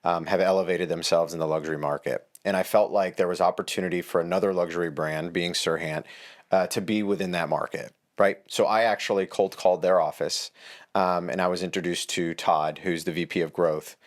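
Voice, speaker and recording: A man with a deep, low voice talks as a guest on a podcast. He is a real estate agent and sounds confident and upbeat as he makes his points. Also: steady tone, a little fast. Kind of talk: podcast interview.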